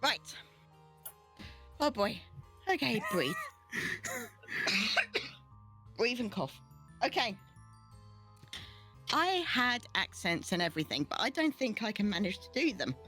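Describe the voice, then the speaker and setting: A woman's voice: on the high side, big pitch swings, slow, pauses often, bright, forceful tone, slightly rough, soft background music. A woman running a tabletop game as game master, teasing her players playfully.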